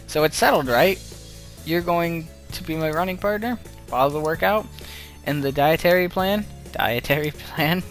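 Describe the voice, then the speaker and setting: A man's voice: fairly high pitch, normal speed, soft background music, voice pushed up, lightly acted. A man reading as a teasing sporty schoolgirl. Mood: insistent. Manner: teasing and insistent. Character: playful, bossy teenage girl runner.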